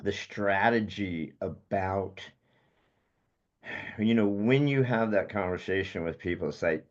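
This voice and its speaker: A chatty man with a lowish voice, talking loosely and telling stories on a podcast. The sound is a bit dull and lo-fi. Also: a little slow. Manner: chatty, storytelling, jokey asides. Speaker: podcast host. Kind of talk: casual interview chat.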